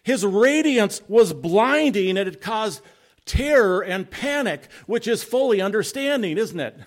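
A man preaching a sermon in an earnest way, building to loud peaks and then dropping soft and low, with light self-deprecating asides. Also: lively intonation, unhurried. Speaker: pastor.

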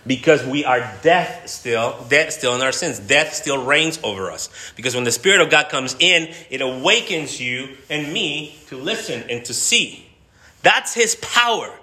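Male pastor, bright forceful tone, impassioned sermon, roomy church echo. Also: medium pitch, expressive, unhurried. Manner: impassioned, repetitive, with many restarts.

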